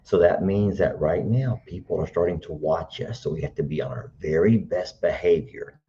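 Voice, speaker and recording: A middle-aged man with a drawl hosts a casual live stream, his voice sitting low. He chats easily and coaxes answers out of people like a patient teacher. The sound is dull and lo-fi. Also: moderate pace, mellow, slight background noise. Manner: chatty, teacherly, coaxing. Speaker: livestream host.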